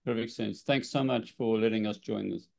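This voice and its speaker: Male caller, very gravelly and fried, halting speech over a video call. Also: lowish voice, steady tone, a little mellow, no echo. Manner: halting, agreeable, swears.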